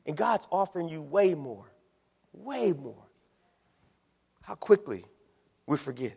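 A man preaching in a rhythmic, repetitive style, his voice climbing from low asides into ringing shouts. It sits a little high for a man and carries the long reverb of a large sanctuary. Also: sing-song, takes it slowly, creaky, husky. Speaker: pastor. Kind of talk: sermon.

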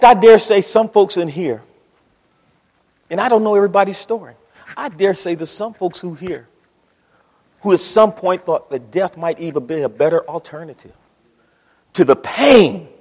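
A man preaching a sermon in a church, dramatic, dropping to a hush and rising to shouts. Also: sits high, lively intonation, normal speed, pauses often, husky, in a large hall. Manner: dramatic, swings between hushed and shouting. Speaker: pastor.

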